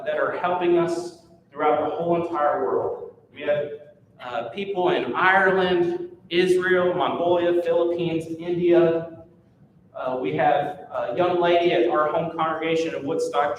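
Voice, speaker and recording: Earnest man teaching in an echoey church hall. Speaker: missionary speaking to a church class. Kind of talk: church class presentation. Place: church meeting room. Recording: echoey church hall from far off, faint rumble.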